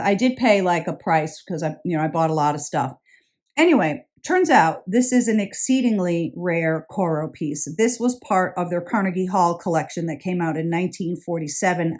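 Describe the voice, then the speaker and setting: Speaking low with a darkish tone, a woman records an indoor travel vlog about jewelry she picked up. She's casual and enthusiastic, frequently doubling up words for emphasis.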